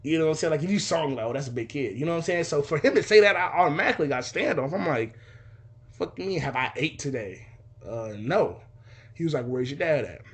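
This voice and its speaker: A man's voice: a little high, animated, rapid-fire, few pauses, breathy edge. A young man casually telling a story from his childhood, acting out dialogue with sound effects. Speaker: podcast host telling a story.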